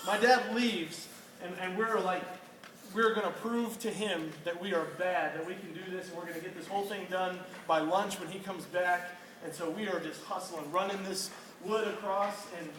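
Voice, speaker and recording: A young male youth pastor tells an animated, laughing story and keeps asking his listeners questions before turning it into a sermon point. His voice sits high for a man. It is picked up from a distance in a roomy, noisy hall. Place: hall with a live audience.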